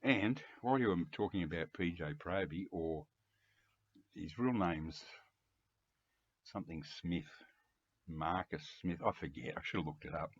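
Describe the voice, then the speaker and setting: An Australian man in his seventies with a low, husky voice hosts a music collector's video, rambling chattily to camera with chuckles and frequent throat-clearing. He speaks at a measured pace with long pauses, and the lo-fi sound is dull but free of echo.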